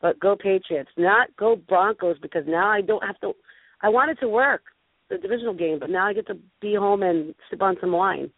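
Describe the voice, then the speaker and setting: A woman's voice: mid-range voice, normal speed, no room sound. A woman hosting a live call-in show, chatting in a gushing, casual way with stumbling restarts. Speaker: show host. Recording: tinny phone-line sound.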